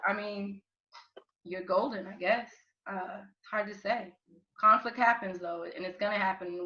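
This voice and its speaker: A woman's voice: mid-range voice, pushed and bright, lo-fi sound. A woman educator on an online panel, speaking frankly in a casual way.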